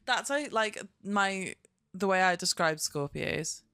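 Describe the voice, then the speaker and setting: A woman's voice: medium pitch, slow, bright, forceful tone, smooth, no echo, clean studio sound, faint music behind. A young woman, chatting casually and expressively on a live stream, swearing and laughing often. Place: at her desk at home.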